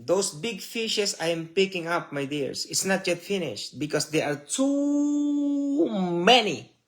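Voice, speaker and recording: A male preacher delivers a sermon slowly, with a fairly high voice. He reads scripture in loud swells and then drops into near-murmured asides to his listeners, sounding tearful at times. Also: sing-song. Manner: slow, emotional preaching with swells and drops in loudness.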